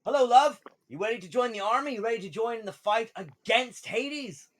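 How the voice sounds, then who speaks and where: A man's voice: very high-pitched, lively intonation, normal speed, voice pushed up. An actor playing a male drow guard who sweet-talks and then turns threatening, in a tabletop game. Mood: friendly.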